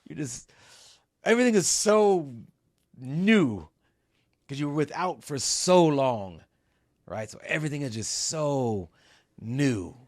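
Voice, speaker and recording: A man's voice: on the high side, lively intonation, slow, pauses often, no echo, clean studio sound. A middle-aged man telling a story in a casual interview. He talks with open emotion, swears freely and acts out his own reactions as he goes. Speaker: company CEO recounting an ocean row.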